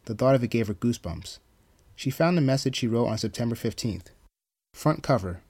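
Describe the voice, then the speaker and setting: A man reading a horror story aloud at a middling pitch, calm and even. His delivery is steady scripted narration. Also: fairly quick, husky.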